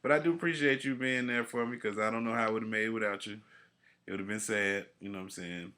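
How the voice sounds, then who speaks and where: A man's voice: fairly low pitch, steady tone, quick pace, pushed and bright. A man co-hosting a casual podcast, talking in a laid-back, rambling way with lots of fillers. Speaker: podcast co-host.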